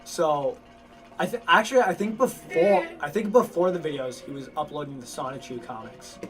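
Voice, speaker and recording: Man, casual storyteller, higher voice, halting and rambling, game music under him. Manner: rambling, halting, many fillers and restarts. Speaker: lore storyteller among friends. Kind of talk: casual chat.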